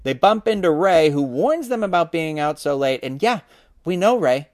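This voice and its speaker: A man's voice: fairly high pitch, lively intonation, normal speed, no room sound. A man hosting a podcast, recapping and reading a book aloud with wry, dry asides. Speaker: podcast host.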